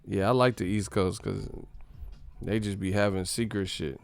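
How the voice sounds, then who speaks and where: A man's voice: lowish voice, fairly even intonation, moderate pace, creaky, smooth, faint music behind. A man from California hosting a casual live stream, joking, swearing and laughing a lot as he reacts to his chat. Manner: joking, laughing often, profane, mimics voices.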